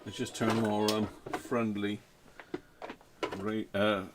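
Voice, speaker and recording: A man's voice: on the low side, flat delivery, slow pace, over music. A man hosting a radio repair channel, chatting casually with viewers while he works and thinking aloud with trailing fillers.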